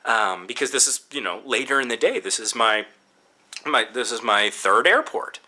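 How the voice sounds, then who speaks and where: A man casually recounting a travel anecdote in an exasperated, animated storytelling manner. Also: medium pitch, moderate pace.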